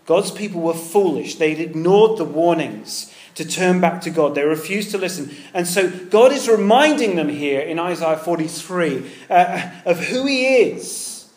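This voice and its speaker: A man's voice: on the high side, animated, unhurried, hardly any pauses. Preacher man with a roomy echo. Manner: earnest, conversational, swinging between loud emphasis and hushed tenderness. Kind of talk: sermon.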